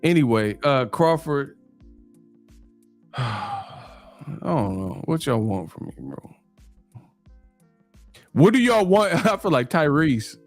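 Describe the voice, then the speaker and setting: A man's voice: mid-range voice, big pitch swings, slow, long pauses, soft background music. A man hosting a casual live stream, joking and laughing through slangy banter with his viewers. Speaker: livestream host.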